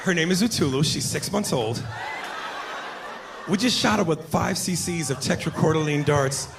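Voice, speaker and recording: A comedian voicing an excited adult male wildlife show host, breathless and mock-earnest. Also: fairly high pitch, moderate pace, creaky, noisy background. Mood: awed. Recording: live club mic, crowd laughter.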